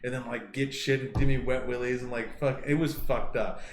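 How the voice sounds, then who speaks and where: A man's voice: medium pitch, fairly even intonation, fairly quick, echoey room, a little hiss or hum. A man in his thirties from Southern California, co-hosting a podcast and telling rambling, profane stories with laughs mixed in. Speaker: podcast co-host. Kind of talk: casual storytelling chat.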